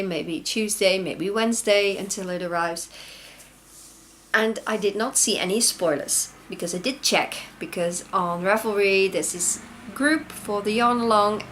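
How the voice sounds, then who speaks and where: A woman in her thirties with a Dutch accent, hosting a casual knitting video podcast from home, gushing and gasping with excitement over yarn. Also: medium pitch, slight background noise.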